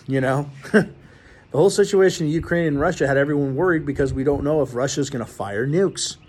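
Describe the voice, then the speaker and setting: A man hosting his own show, ranting bluntly and rambling to his viewers with many restarts. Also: medium pitch. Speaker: show host. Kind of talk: casual rant to viewers.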